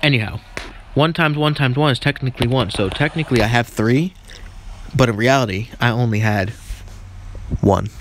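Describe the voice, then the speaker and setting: Man, casual gameplay commentary, goofy rambling asides, mid-pitched voice, noisy home recording. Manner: goofy, rambling, joking asides, cheers at the screen. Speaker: mobile game let's-player. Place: at home with barking dogs.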